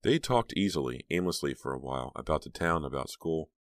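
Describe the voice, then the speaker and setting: A man narrating an audiobook in a steady, measured reading. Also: rumbling low, no echo, clean studio sound. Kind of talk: scripted narration.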